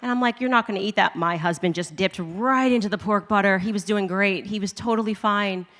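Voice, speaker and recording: A woman commentator telling a personal testimony in a lively way, laughing often and acting out her own reactions. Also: mid-range voice, fairly quick, long reverb tail. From United States.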